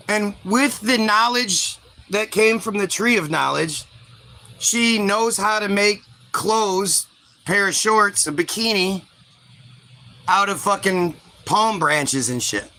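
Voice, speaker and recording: Man, comic storyteller, crude and rambling, high voice, bright tone. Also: slow pace. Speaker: comedian. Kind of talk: profane comedic storytelling.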